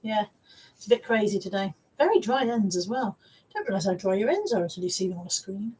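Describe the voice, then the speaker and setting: A woman's voice: mid-range voice, animated, quick pace, darkish tone, slightly rough, distant mic, low-quality recording. A woman hosting a casual live stream, chatty and rambling as she greets viewers. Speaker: live-stream host and reseller.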